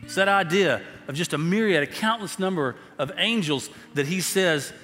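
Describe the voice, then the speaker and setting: Pastor preaching in a reverberant hall. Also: male voice, high voice, fairly bright tone. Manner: storytelling, building to emphatic slow exhortation. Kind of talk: sermon.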